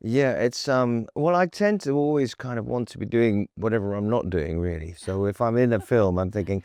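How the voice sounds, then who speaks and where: A man being interviewed as a guest, reflective and halting, telling anecdotes. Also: medium pitch, sing-song, darkish tone, dry recording, clean studio sound. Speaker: actor and composer guest. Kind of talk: interview conversation.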